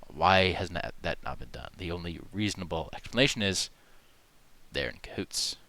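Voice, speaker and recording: Low-voiced man rambling mock conspiracy talk. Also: normal speed. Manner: hesitant, rambling, full of fillers and asides; deadpan, mock-serious. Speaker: video host. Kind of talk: rambling parody conspiracy commentary.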